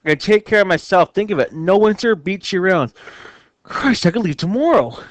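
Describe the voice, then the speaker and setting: A man's voice: sits high, lively intonation, brisk, dry recording. A man reading as Darla, a teasing teen girl. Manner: plain read-aloud delivery of dialogue. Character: teenage girl, teasing and blunt.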